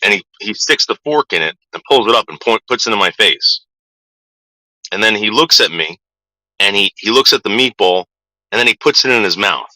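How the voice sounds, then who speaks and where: A man's voice: lowish voice, lively intonation, moderate pace, sharp tone, no room sound, low-quality recording. A man telling rambling stories to his viewers, repeating words and quoting people in put-on voices. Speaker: streamer telling stories about his father. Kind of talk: casual storytelling to a live chat.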